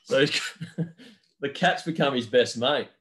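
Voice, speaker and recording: A man's voice: medium pitch, measured pace, fairly bright tone. A young man co-hosting a casual podcast chat, telling stories while laughing and swearing freely. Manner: laughing storyteller, swears a lot. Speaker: podcast co-host.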